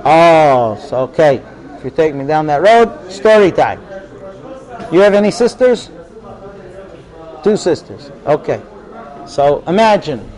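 A man's voice: sits high, rough recording. A man teaching an informal Torah class in a chatty, storytelling way. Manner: conversational, digressive, tells stories.

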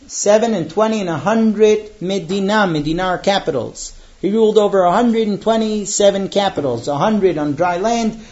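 A man with a high voice teaches a Torah class. He intones the Hebrew verses slowly and then retells them in lively story form with voiced dialogue. The recording sounds dull and lo-fi.

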